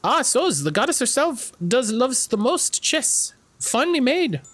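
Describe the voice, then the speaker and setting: A man's voice: extremely high pitch, big pitch swings, a little slow, a bit bright, pitched above the performer's own voice, exaggerated voice. A man voicing an odd-spoken traveling woman customer in a put-on Scottish accent, with archaic, garbled phrasing. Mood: quaint.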